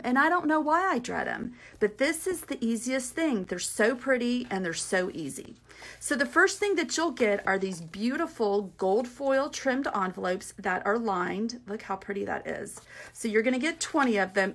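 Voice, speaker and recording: A woman's voice: medium pitch, fairly bright tone. A woman giving a casual, upbeat craft tutorial, chatting to viewers as she walks through a card kit. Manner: chatty and upbeat, many fillers and asides. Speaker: craft demonstrator.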